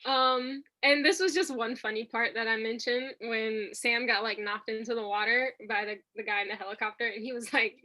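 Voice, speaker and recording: A young woman with a fairly high, bright, forceful voice co-hosts a podcast. She talks in casual slang and laughs often. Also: steady tone, moderate pace, hardly any pauses. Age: young adult. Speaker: podcast co-host. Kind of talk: casual chat.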